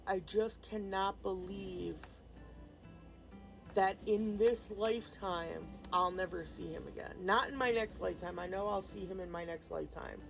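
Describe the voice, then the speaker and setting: A woman vlogger shares a personal story in a casual, rambling way. Her voice has a steady gravelly fry, and she keeps stopping to restart her sentences. Faint music plays underneath. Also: medium pitch, moderate pace, rough recording. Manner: rambling, frequent fillers and restarts; subdued and grieving in later part. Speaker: nail art vlogger.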